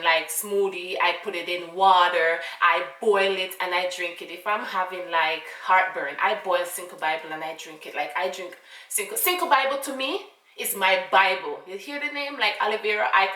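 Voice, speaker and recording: Bright-voiced Jamaican woman telling a story. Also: lowish voice, normal speed, far from the mic. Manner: animated, full of fillers and asides. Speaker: vlogger. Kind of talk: casual storytime. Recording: roomy, away from mic.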